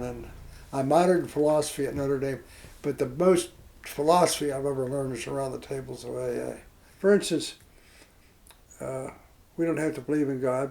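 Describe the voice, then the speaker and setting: An older man telling reflective personal stories in a rambling, halting way, with many fillers and restarts. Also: mid-range voice, vocal fry, darkish tone, low-quality recording. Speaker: interviewee. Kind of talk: reflective storytelling.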